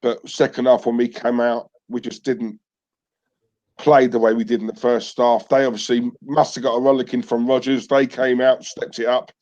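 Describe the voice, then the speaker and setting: A man's voice: medium pitch, level tone, normal speed, a little mellow. A man hosting a casual football chat, talking frankly, sighing and saying "let's be honest" again and again. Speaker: fan channel host. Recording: dull, lo-fi sound.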